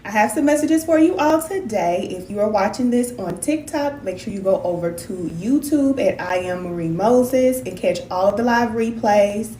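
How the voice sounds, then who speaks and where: A woman, a spiritual wellness practitioner hosting a casual live stream, talking in a folksy, animated way and calling her viewers cousins. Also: medium pitch, normal speed, few pauses, reverberant, a little hiss or hum.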